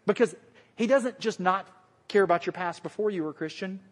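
A man's voice: sits high, a little fast. A male pastor giving a conversational, self-deprecating sermon to a congregation and putting questions to them. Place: church hall with a congregation. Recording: long hall reverb.

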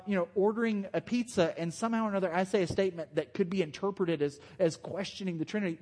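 A man's voice: high-pitched, darkish tone. A man preaching a sermon as pastor, talking in a loose, conversational way and joking with his congregation. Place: church hall with long reverb. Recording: long hall reverb.

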